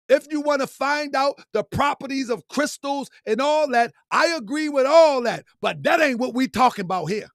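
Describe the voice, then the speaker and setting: A man hosting an online commentary channel, preaching in a fiery, repetitive way that swings from shouting to quiet, laughing apologies. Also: extremely high pitch, vocal fry, dry recording, studio quality. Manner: preachy, repetitive calls and answers. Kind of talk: fiery talking-head rant.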